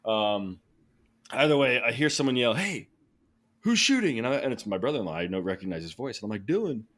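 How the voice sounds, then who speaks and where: Excited man telling a story. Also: on the low side, fast. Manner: excited, animated retelling with laughs and restarts. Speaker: podcast guest. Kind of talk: casual storytelling.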